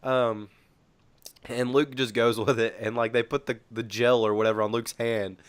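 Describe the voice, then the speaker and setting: A man's voice: mid-range voice, little pitch movement, normal speed, clean tone, no room sound. Young male podcast co-host, rambling storyteller, fillers and laughter, dry sound. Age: young adult. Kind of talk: casual chat.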